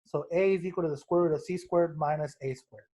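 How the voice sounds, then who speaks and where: Young male math teacher, slightly high voice, relaxed joking classroom delivery. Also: fast talker. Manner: casual and joking, talks to students as guys. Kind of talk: recorded math lesson.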